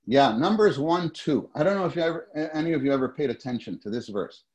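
A man's voice: fairly high pitch, lively intonation, quick pace, darkish tone. A middle-aged man preaching a sermon to a congregation, talking in a conversational way, asking them questions and repeating key phrases.

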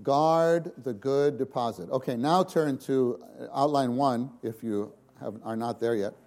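A man preaching a sermon, shifting from hushed, slow passages to sudden loud, dramatic exclamations. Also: medium pitch. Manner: slow, emphatic delivery.

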